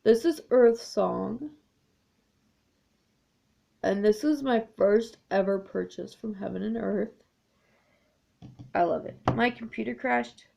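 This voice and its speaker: A woman's voice: mid-range voice, slow pace, creaky, long pauses, mellow. A woman in her thirties chatting casually to camera as a needlework vlogger, rambling with lots of ums. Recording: dull lo-fi home recording.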